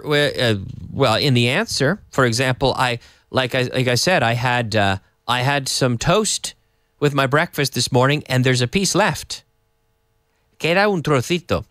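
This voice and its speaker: A man teaching a live online English lesson, explaining slowly and adding Spanish glosses. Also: medium pitch, fairly bright tone, no echo, studio quality.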